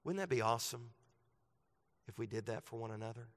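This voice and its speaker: Male pastor preaching, mid-pitched, conversational to emphatic, long hall reverb. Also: brisk. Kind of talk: sermon. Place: church sanctuary.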